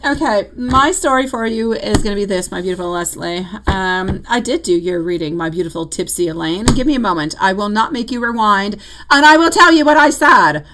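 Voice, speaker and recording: A warm-toned woman doing live tarot readings, talking straight to her viewers in a loose, chatty way. She leans on endearments like sweetie and my love, laughs easily, and her voice jumps up high when she gets excited. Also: background noise. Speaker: tarot reader. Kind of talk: live-stream chat and readings.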